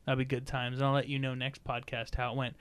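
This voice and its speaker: A man's voice: medium pitch, completely flat delivery, fast, slight background noise. A young man hosting a casual podcast chat, rambling and joking, swearing freely. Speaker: podcast host.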